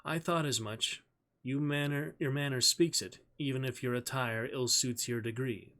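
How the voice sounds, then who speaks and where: A man voicing a curious, earnest medieval boy who talks in a slow, formal, old-fashioned way. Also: mid-range voice, fairly even intonation, bright, forceful tone. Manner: archaic formal speech, slow and deliberate.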